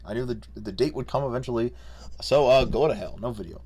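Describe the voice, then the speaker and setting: A young video creator casually ranks the games he has played in an unscripted, profane, rambling, jokey rundown. His medium-pitched voice is expressive, quick, and slightly rough.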